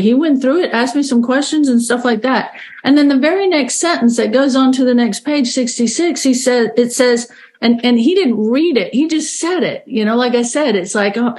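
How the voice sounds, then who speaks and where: A middle-aged American woman telling her recovery story in an earnest, halting way, with many restarts and fillers. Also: a little high. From United States. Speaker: recovery speaker. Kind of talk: personal recovery share.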